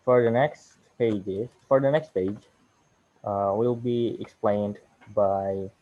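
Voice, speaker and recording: A young man from Indonesia, giving a halting student class presentation that walks through slide examples. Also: on the low side. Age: young adult. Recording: muffled lo-fi recording.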